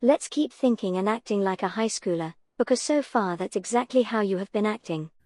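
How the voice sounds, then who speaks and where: A woman's voice: medium pitch, a little fast, a little mellow, no room sound. Sarcastic woman commentator, dry voice. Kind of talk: reaction commentary voice-over.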